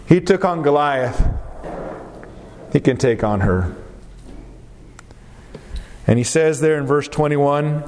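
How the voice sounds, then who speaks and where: High, animated male preacher. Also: slow pace, long pauses. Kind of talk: expository sermon. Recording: long reverb of a large hall.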